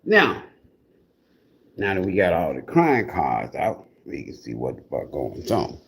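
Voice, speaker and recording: Slow-talking blunt male tarot reader. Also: deep voice, huge pitch swings, vocal fry. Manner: blunt, profane and mocking. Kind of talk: casual livestream reading.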